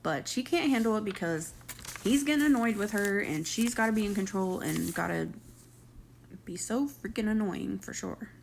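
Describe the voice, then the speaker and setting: A young woman giving a casual recap of reality TV, talking like she is sharing gossip. She is opinionated and chatty, full of side comments. Her voice has a lot of vocal fry. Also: mid-range voice, animated, moderate pace, slight background noise.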